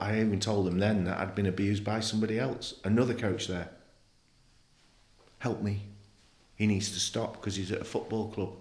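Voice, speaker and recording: A man's voice: deep voice, roomy sound. A man, a podcast guest telling his story bluntly and animatedly, swearing often. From England. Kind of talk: candid interview conversation.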